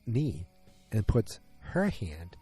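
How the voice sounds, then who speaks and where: A man with a fairly low, mellow voice rambles through an offhand recap of a TV episode. He is from Massachusetts, drops into quick put-on voices for the characters' lines, and has faint music playing behind him. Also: very animated, husky. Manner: rambling, acts out quotes in little voices. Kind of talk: casual recap monologue.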